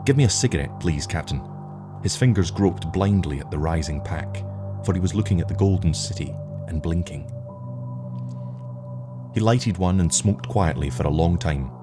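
Deep voiced guy reading a story aloud, music playing behind him. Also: moderate pace. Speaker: narrator. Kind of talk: scripted story narration. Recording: narration over background music. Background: clear background music.

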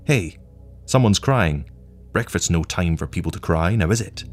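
A man voicing a loud, boisterous, drunk film director with brash, slangy talk. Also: low voice, animated, normal speed, faint music behind. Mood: coaxing.

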